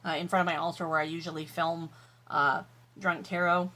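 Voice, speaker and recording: A woman's voice: lowish voice, flat delivery, fairly quick, sharp tone. A tired woman vlogging from her home office, talking candidly and rambling with profanity and self-mocking jokes. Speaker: YouTube vlogger. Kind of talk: casual chatty vlog while eating.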